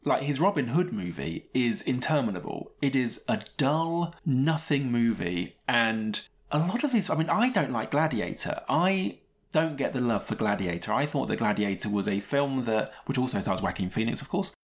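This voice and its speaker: A man's voice: medium pitch, big pitch swings, moderate pace. A man co-hosting a podcast, giving chatty, opinionated film reviews and laughing often. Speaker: podcast co-host. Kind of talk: casual film review chat.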